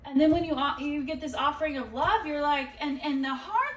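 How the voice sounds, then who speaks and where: A woman's voice: high voice, a little fast, echoey room, far from the mic, slight background noise, low-quality recording. A woman giving a casual, rambling tarot reading, with swearing and laughter mixed in. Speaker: tarot reader.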